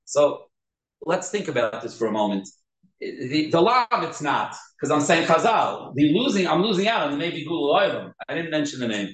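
A man teaching a Talmud class, animated and quick, with many restarts. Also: fairly high pitch. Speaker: Torah teacher. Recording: echoey room.

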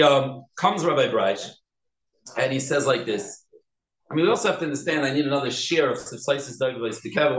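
Animated man teaching a Talmud class. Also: fairly high pitch. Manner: animated, quick, with many restarts and Hebrew terms. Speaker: Torah teacher. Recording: echoey room.

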